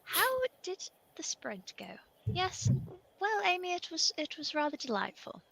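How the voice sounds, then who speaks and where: A woman's voice: very high-pitched, very animated, unhurried, gravelly, a bit bright, voice pushed up, heavily acted, rough recording. A woman putting on a prim, posh fantasy wizard voice that speaks in a plummy, formal way.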